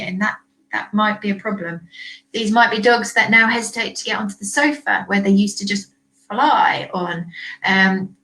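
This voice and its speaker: A woman vet hosting a casual discussion, animated and acting out owners and herself in quick quoted asides. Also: mid-range voice, rough recording. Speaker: vet and podcast host.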